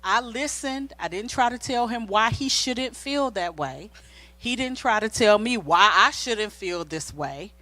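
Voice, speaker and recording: A woman's voice: on the high side, unhurried, no room sound. A middle-aged woman co-hosting a church marriage talk, telling a personal story in a casual, sermon-like way and acting out the quoted dialogue. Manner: animated, acts out quoted dialogue. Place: church sanctuary.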